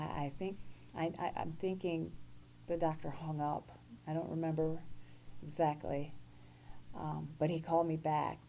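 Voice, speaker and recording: A woman guest giving an earnest, halting personal testimony. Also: low voice, vocal fry, mellow, slight background noise, low-quality recording.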